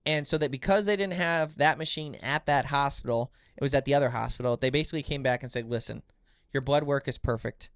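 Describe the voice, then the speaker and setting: Animated male podcast host storytelling. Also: medium pitch, fairly quick, clear, resonant tone, no echo, studio quality. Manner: animated, acts out quoted dialogue. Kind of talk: casual storytelling chat.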